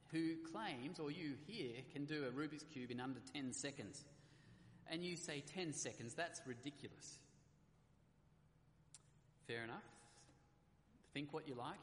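A man's voice: on the high side, a little hiss or hum. A man preaching a sermon, earnestly reading scripture aloud and stressing key words. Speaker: pastor. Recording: echoey hall with faint ambience.

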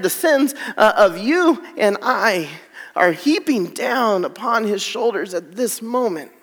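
High-voiced man preaching in a reverberant hall. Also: very animated, slow pace, a bit bright. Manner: reads scripture aloud with dramatic drops to near whispers. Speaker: pastor. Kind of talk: sermon.

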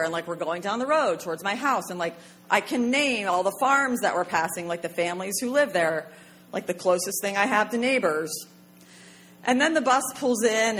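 A woman from Pennsylvania telling a personal story on stage, chatty and animated, with many "like" fillers. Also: medium pitch, a little hiss or hum. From Pennsylvania, USA.

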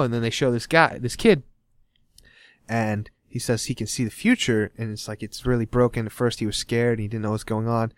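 A man's voice: mid-range voice, fairly quick, no echo. A young man chatting casually as a podcast host, recapping a comic book with energy and putting on characters' lines as he goes. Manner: animated, acts out characters' lines while recapping. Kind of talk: casual chat about comics. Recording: dry.

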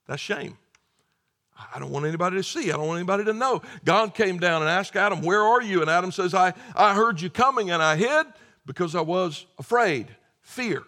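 A man's voice: a little high, vocal fry, a bit bright. A man preaching a sermon as pastor, earnest and emphatic, often repeating words as he starts a phrase.

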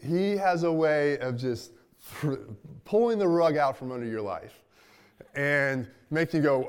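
A man's voice: fairly high pitch, lively intonation, measured pace, smooth. Man preaching an easygoing sermon. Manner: conversational, many restarts, dips quiet at line ends. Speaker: pastor.

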